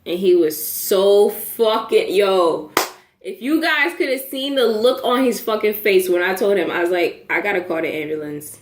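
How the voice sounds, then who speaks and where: A young woman tells a wild story to camera with lots of swearing and lively, expressive delivery. Her voice sits at an ordinary pitch, and the room around her rings with echo. She laughs her way through the telling. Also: measured pace, noisy background. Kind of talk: casual storytime. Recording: echoey room.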